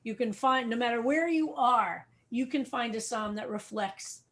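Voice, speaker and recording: A woman's voice: on the high side, normal speed, fairly bright tone. Woman rabbi teaching a Psalm class. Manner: thoughtful, explains step by step, repeats key points. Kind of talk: teaching a text study class.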